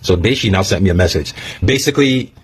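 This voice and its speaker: A man's voice: low voice, lively intonation, fast, a little hiss or hum. A man telling a personal story to camera in a blunt, profane way, repeating lines for emphasis. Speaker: vlogger.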